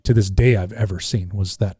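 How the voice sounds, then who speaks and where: A man, a fishing guide telling a lively story on a podcast, acting out the voices of the people in it. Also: on the low side, brisk, breathy edge, no room sound, clean studio sound.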